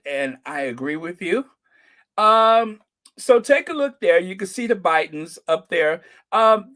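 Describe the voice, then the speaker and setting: A man's voice: a little high, a bit bright. A man hosting a casual live stream, chatting about photos and thanking viewers by name with chuckles.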